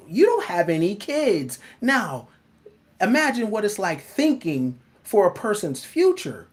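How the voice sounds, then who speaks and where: A man's voice: high-pitched, wildly swooping pitch, measured pace. A man hosting a casual monologue, talking bluntly and animatedly, swearing freely and laughing often. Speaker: host.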